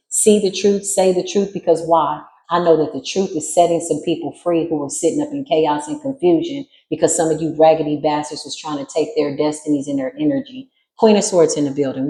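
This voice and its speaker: A woman's voice: low-pitched, a little mellow, a little hiss or hum. Sassy preaching woman, echoey room. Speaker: tarot reader. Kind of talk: spiritual tarot reading.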